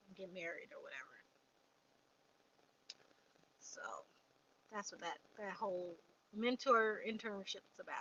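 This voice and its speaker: Bright-voiced woman on lo-fi livestream. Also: mid-range voice, fairly even intonation, a little slow, pauses often, a little hiss or hum. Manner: chatty, reads viewer comments aloud and replies. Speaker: livestream host answering viewer questions. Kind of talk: casual live chat.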